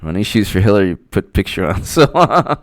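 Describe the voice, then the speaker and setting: A man's voice: lowish voice, very animated, brisk, dry recording. A man giving casual, sarcastic political vlog commentary, mocking as he talks. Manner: sarcastic and mocking, laughing often.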